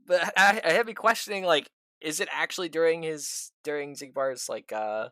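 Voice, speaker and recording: A game streamer giving live gameplay commentary, animated and swearing casually, laughing often. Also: medium pitch, moderate pace, dry recording, clean studio sound. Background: game music.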